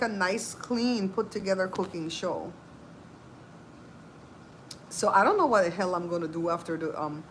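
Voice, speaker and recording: A woman's voice: medium pitch, a little hiss or hum, rough recording. A woman hosting a cooking channel, talking in a casual, sassy, chatty way. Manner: animated, chatty, sassy asides. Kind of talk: casual chat.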